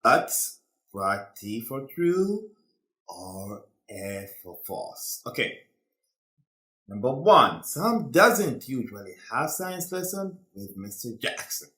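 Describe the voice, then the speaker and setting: Male teacher, slow and deliberate, bright voice, echoey room. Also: medium pitch, sing-song. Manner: slow, deliberate, quizzing students. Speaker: English teacher. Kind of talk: classroom lesson.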